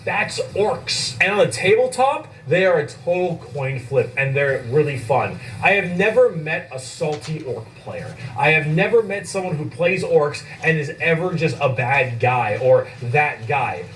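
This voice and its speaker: Male casual explainer with a slightly raised pitch. He is excitable and swears a lot, recorded a little off-mic. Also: far from the mic, slight background noise, rough recording. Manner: enthusiastic, swears casually, repeats himself for comic effect.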